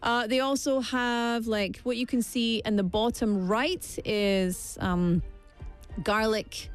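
Woman vlogging, playful n chatty, kinda high voice, faint music behind. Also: fairly even intonation, slow pace, clear, resonant tone. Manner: playful and chatty, jokey asides. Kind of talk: casual chat to camera.

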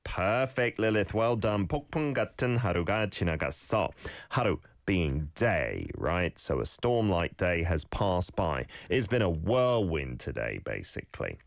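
A very low-voiced male radio host coaching listeners on pronunciation. He talks in a relaxed, casual way and patiently repeats sounds slowly. The mic sounds close and dry, with no room around him. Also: creaky, no room sound. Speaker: radio host teaching Korean. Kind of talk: casual radio talk with language tips.

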